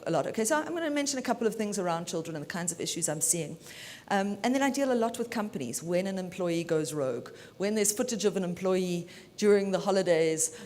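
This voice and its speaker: A woman from South Africa giving a brisk, chatty and self-assured talk as a media lawyer at a conference. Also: a little mellow. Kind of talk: keynote talk. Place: conference hall. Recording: reverberant hall, faint rumble.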